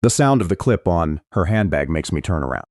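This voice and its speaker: A man narrates a thriller audiobook in the first person, his voice sitting very low. His delivery moves expressively up and down as he builds tension. The recording is dry and close, with no room around it. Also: very animated, fairly quick, a little mellow, no echo.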